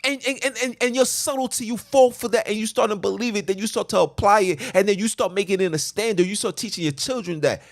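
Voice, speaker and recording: Agitated high-voiced man ranting in a car. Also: quick pace, few pauses, no echo, studio quality. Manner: fervent, preachy, repetitive. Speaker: podcast host. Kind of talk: impassioned rant.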